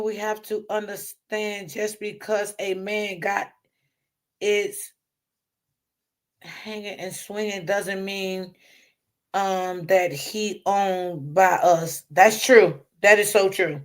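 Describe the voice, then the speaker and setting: Hosting a casual live stream, a woman with a medium-pitched voice reads the chat aloud. She laughs a lot, calls on the Lord, and swears freely.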